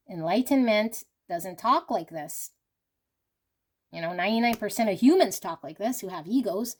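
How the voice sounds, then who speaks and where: A woman's voice: lowish voice, darkish tone. A woman reading tarot cards for a love reading, talking in an earnest, coaching way with frequent "you know" and "okay?". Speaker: tarot reader. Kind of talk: intuitive tarot reading monologue.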